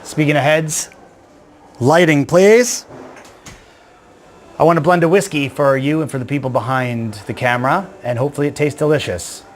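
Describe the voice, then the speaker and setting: A man's voice: medium pitch, fairly even intonation, quick pace, hardly any pauses. A man with a Canadian accent giving a casual, joking whiskey-blending demonstration to camera. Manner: chatty and joking, with a dry, self-deprecating humor.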